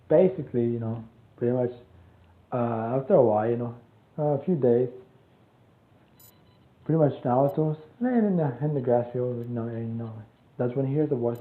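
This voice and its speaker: A man's voice: mid-range voice, a little slow, pauses often. A man casually retelling a story, rambling with many fillers and restarts. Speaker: channel host. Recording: tinny echoey phone-like audio.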